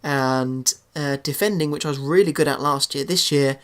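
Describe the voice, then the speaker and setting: A man's voice: a little high, normal speed, fairly bright tone, smooth. Young guy chatting through his football career mode, lots of ums and restarts. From England. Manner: rambling, hesitant, many fillers and restarts. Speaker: gaming YouTuber. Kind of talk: casual game commentary.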